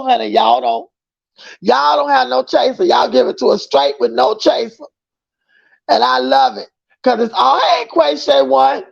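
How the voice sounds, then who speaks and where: High-pitched guy with a gravelly husky voice, chatty livestream host, dull lo-fi audio. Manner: chatty and gossipy, greets viewers as boo. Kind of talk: casual chat reading viewer comments.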